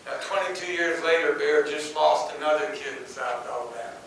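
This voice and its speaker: A man's voice: on the high side, steady tone, brisk, gravelly, fairly bright tone, a little hiss or hum. Folksy man telling stories in an echoey hall. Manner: folksy, anecdotal, acts out quoted voices. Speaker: speaker. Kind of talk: motivational storytelling talk. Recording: echoey hall, mic far off.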